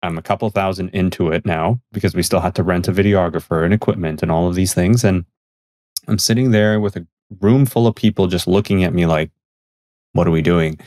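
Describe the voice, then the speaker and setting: Canadian man, podcast guest, low-pitched, dry studio sound; earnest, reflective storytelling with voiced quotes. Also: a little fast, a little mellow, dry recording. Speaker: podcast guest and magazine editor.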